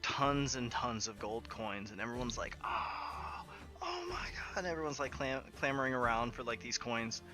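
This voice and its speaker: A man's voice: medium pitch, fairly quick, few pauses, music in the background. A man narrating as game master of a tabletop game, playful and full of fillers. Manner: playful storytelling with frequent fillers.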